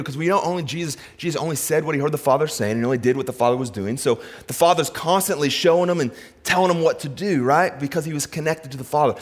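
Male pastor, casual animated sermon, slightly high voice, long church reverb. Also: fast talker, few pauses. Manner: animated and conversational, swings between loud excitement and hushed softness. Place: church sanctuary.

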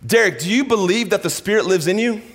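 God's voice questioning, insistent, high-pitched, man doing it. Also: lively intonation, quick pace, fairly bright tone, husky, full character voice. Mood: probing. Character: God, a probing inner divine voice.

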